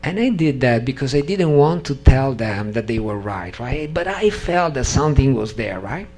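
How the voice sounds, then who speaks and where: A man, not a native English speaker, telling a personal story at a devotional gathering, halting and restarting sentences and acting out the dialogue. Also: medium pitch. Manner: animated, acts out dialogue in story.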